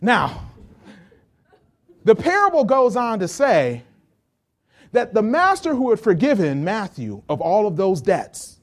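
Pastor guy preaching, high voice for a man, lots of stammered repeats and chuckles. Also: huge pitch swings. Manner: halting and repetitive, chuckling, playful with the congregation. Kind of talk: sermon.

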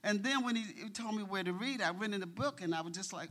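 A woman's voice: medium pitch, fast, few pauses, a bit bright. A middle-aged woman stands before her congregation in church and gives an earnest, heartfelt testimony. She admits her nerves as she talks and keeps returning to praise God. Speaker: church member reading scripture. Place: church sanctuary.

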